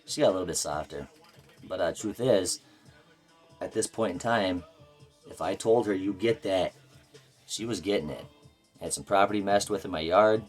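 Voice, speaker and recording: A man telling a rambling, profane story about his life in a casual, blunt way. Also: sits low. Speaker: vlogger.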